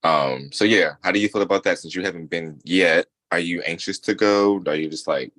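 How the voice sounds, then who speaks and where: Deep-voiced giggly male host. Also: brisk, hardly any pauses, a bit bright, no room sound. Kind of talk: casual interview questions.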